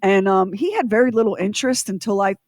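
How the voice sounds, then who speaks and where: A woman of middle pitch co-hosts a talk podcast, chatty and expressive, with stories that build toward a punchline. The recording is dry and close. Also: quick pace, dry recording. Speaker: radio and podcast co-host. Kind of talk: casual podcast chat.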